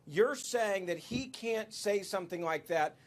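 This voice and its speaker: A man's voice: high voice, lively intonation, a little slow. A man arguing on a cable news panel, insistent and interrupting the others. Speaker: panel commentator.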